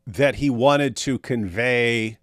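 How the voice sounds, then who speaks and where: A man hosting a casual livestream chat, in an ordinary mid-pitched voice. He rambles and jokes, drifting between thoughts. The sound is dry and close, with no room echo. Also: takes it slowly. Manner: jokey and rambling, breaks into silly voices. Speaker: show host.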